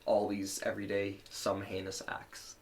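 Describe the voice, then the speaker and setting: A man's voice: lowish voice, completely flat delivery, moderate pace, a little mellow, slight background noise. A young man co-hosting a podcast in casual chat, talking loosely with lots of fillers and restarts. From Cleveland area. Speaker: podcast co-host.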